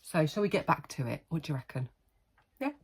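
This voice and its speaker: A woman's voice: low voice, expressive, brisk, slight background noise. A middle-aged woman, chatting casually and rambling in a haul vlog, laughing often. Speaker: haul vlogger.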